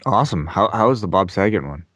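A man's voice: lowish voice, animated, fast, fairly bright tone, no room sound. A man co-hosting a casual podcast, teasing his partner and hesitating with lots of ums. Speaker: podcast co-host.

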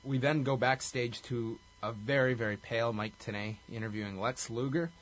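Husky guy on a podcast walking through a recap, pretty detailed. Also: mid-range voice, fairly even intonation, moderate pace. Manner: recaps events in detail, briefly acts out quotes. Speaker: podcast host. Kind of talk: casual chat.

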